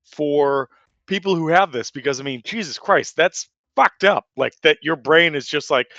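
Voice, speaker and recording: Man in his forties, a swearing, rambling storyteller; slightly high, sharp-toned voice, dry and a bit muffled. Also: normal speed, dry recording. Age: 40s. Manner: profane, rambling storyteller full of fillers. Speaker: player telling a story. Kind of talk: casual anecdote.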